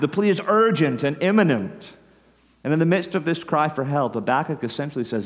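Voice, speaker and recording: A man's voice: a little high, expressive, a little fast, big-room sound. A man preaching an earnest sermon, addressing listeners directly with urgency. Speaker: pastor.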